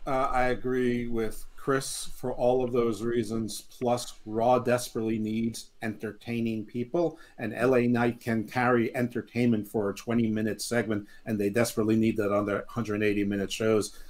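A man's voice: lowish voice, level tone, normal speed, hardly any pauses, a little mellow. A man on a podcast panel, opinionated and explaining his views at length in casual chat.

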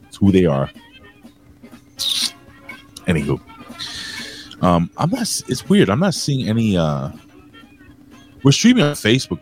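A man co-hosting a wrestling talk show, rambling and cursing while joking around. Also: low voice. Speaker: wrestling podcast co-host. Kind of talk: casual chat.

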